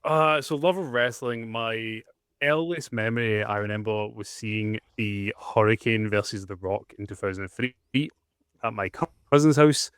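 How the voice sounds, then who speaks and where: Low smooth young man, modest guest. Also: moderate pace, a bit bright, no echo, studio quality. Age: 20s. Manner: hesitant, modest. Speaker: podcast guest. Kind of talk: casual chat.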